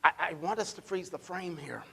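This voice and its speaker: A male pastor delivers a sermon in a church sanctuary. His voice sits high for a man, and he leans hard on key words before dropping to a near-hush. He often repeats a word as he builds toward his point. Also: brisk, gravelly, slightly rough, in a large hall. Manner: emphatic, swings between loud and hushed.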